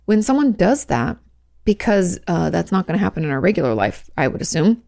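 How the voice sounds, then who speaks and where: Gravelly-voiced woman therapist, frank talk. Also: on the low side, sing-song, a little fast, a little mellow. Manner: conversational, frank, many "like" fillers. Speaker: therapist and podcast host. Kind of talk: casual advice talk.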